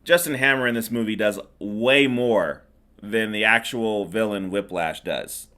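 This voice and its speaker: Middle-aged male podcast host, low-pitched and bright, rambling sarcastic recaps. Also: measured pace. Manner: rambling, sarcastic, many fillers. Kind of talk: casual movie recap chat.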